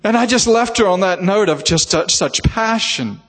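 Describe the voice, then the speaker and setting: Older male preacher with a high voice in a reverberant hall. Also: lively intonation, normal speed, a bit bright. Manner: emotional, acts out family dialogue with repeated words. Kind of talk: sermon storytelling.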